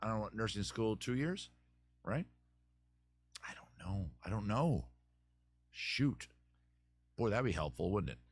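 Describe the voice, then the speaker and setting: A man's voice: fairly low pitch, very animated, a little slow, pauses often, no echo, clean studio sound. A man hosting a live advice stream, chatting casually and joking as he thinks aloud with many restarts.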